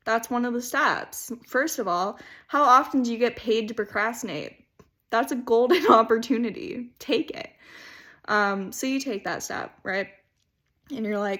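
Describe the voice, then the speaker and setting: A woman's voice: fairly high pitch, expressive, measured pace, fairly bright tone. A young woman, a student, gives a comedic how-to speech, rambling, mocking herself and laughing through her words. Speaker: student giving a class video speech.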